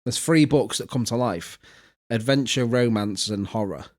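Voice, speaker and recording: A man's voice: medium pitch, normal speed. A man, co-hosting a podcast in casual chat, telling stories animatedly. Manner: animated storytelling, puts on quoted voices. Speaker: podcast co-host.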